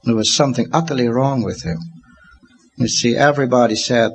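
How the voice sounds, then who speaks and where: A Dutch man in his fifties giving a lecture, talking emphatically and swinging from excited high bursts to low, quiet asides. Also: fairly quick, slight background noise. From Netherlands. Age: 50s.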